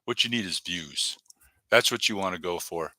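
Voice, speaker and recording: A man's voice: low voice, moderate pace, bright, forceful tone, dry recording. A man hosting a live stream, rambling and joking casually as he talks to viewers in the chat by name. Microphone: desk webcam setup.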